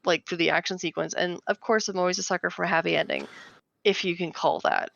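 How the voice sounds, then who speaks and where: A woman co-hosting a casual movie podcast, chatty and quick to laugh. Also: fairly low pitch, steady tone, vocal fry, a bit bright, highs cut off. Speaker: podcast co-host.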